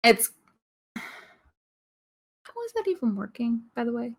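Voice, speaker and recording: A young American woman from upstate New York, co-hosting a podcast in loud, animated, joking casual chat. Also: on the high side, unhurried. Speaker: podcast co-host.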